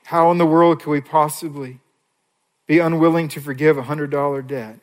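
A pastor preaching an earnest sermon, rising to loud, high passages and dropping to a soft near-whisper on key lines. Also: male voice, steady tone, normal speed. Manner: earnest preaching with dramatic swings in pitch and volume.

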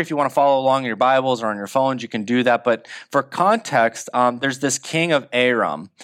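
A man preaching a sermon, telling a story with animated delivery and acting out the lines of the people in it. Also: medium pitch. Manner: animated storytelling, acts out quotes. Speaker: pastor.

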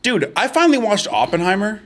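Lively, high-voiced young man telling stories. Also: a little fast. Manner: animated storyteller, laughs through his words, swears freely. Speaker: podcast co-host. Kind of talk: casual chat.

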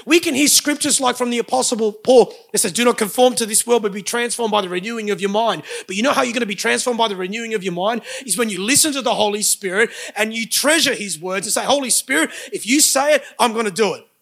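A man's voice: high voice, fast, gravelly, few pauses, fairly bright tone. A man, preaching a sermon as pastor with emphatic bursts and joking asides to the congregation.

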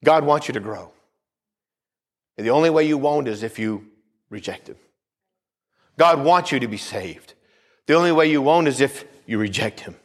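A man preaching a sermon with emphasis, repeating phrases, dropping low and quiet for weight, and calling out for the congregation's amens. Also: expressive, moderate pace, long pauses. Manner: emphatic, repeats phrases, calls for "Amen?" responses.

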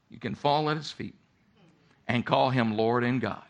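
An older man preaching a sermon as pastor, emphatic, swinging between loud peaks and quiet low drops. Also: moderate pace, gravelly, long pauses.

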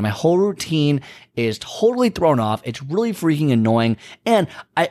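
A man hosting a solo podcast, rambling and venting before turning motivational. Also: medium pitch. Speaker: podcast host. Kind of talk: casual solo podcast monologue.

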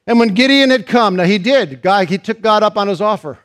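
Brief: high-pitched male pastor, preaching style, builds and stretches key lines. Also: lively intonation, fairly bright tone. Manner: preaching with rising emphasis, drawn-out stressed phrases. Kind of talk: sermon.

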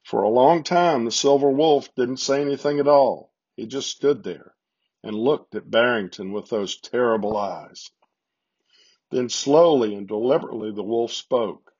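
A man reading a children's Christmas story aloud in a steady, gentle storytelling manner, recorded in slightly muffled lo-fi sound. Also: medium pitch, a little slow, slightly rough.

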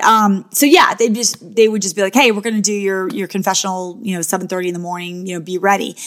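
A chatty woman talking through her reality show days at an easy, medium pitch. She rambles casually, leans on "like" and "you know", and slips into quick little acted-out quotes. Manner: acts out quotes in quick bursts. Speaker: former reality show contestant. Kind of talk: casual storytelling.

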